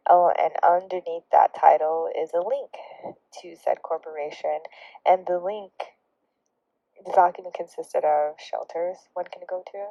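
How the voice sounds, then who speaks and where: A woman's voice: lowish voice, fairly even intonation, measured pace, creaky, no echo. A young woman vlogger telling a story in a casual, sarcastic way, laughing and dropping into whispered asides. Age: young adult. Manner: drops into hushed, whispery remarks. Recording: dry, dull lo-fi recording.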